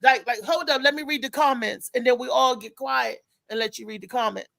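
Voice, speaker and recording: A middle-aged woman hosting a live talk show in an animated, laughing way. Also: on the high side, brisk, vocal fry, no echo. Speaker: show host. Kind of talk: casual live show chat.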